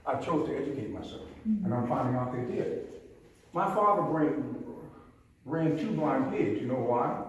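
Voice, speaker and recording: A man's voice: mid-range voice, darkish tone, slight background noise. Older man, police chief, folksy storytelling, rhetorical questions, very echoey hall, distant mic. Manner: storytelling, homespun sayings, asks the audience questions. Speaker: police chief giving a talk. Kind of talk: folksy public talk to an audience. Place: museum hall with an audience. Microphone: recorded from across the room.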